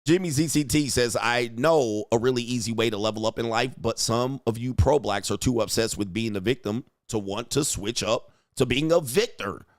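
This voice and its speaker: A young man coaching on dating hosts a loose livestream, reading out viewer messages one after another. He talks bluntly, in street slang and with plenty of swearing, at an ordinary middle pitch. The recording is dry and close, with no room echo. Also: normal speed, few pauses. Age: young adult. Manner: blunt, profane, slangy ranting. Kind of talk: livestream chat, reading viewer donations aloud.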